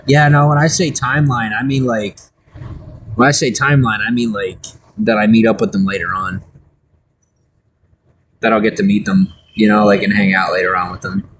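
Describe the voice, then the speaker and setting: A young man rambles to the camera in a solo vlog. His voice wanders from muttering to sudden high, raised outbursts. Faint background noise sits under the recording. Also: poor audio. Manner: rambling, swings between mumbling and loud high outbursts.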